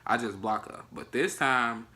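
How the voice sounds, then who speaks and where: A man's voice: mid-range voice, measured pace, pushed and bright. A young man telling his side of a relationship story in casual, joking vlog chat. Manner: loose, joking, cuts in. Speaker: vlogger, storytelling half of a couple.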